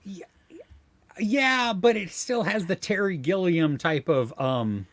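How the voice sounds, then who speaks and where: Animated man co-hosting a movie podcast. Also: sits high, slow. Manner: animated, jokey, mock-threatening. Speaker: podcast co-host. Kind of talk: casual chat.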